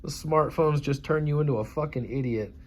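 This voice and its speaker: A man's voice: fairly high pitch, fairly quick, darkish tone, slight background noise. Profane, scornful man in his forties. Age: 40s. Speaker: YouTuber. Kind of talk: ranting vlog monologue.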